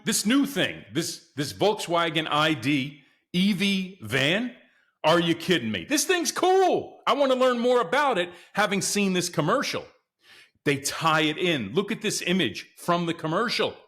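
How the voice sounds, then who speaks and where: A man hosting a podcast, talking in a casual and excitable way and often calling out to his listeners as guys. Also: medium pitch. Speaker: podcast host. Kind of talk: casual solo commentary.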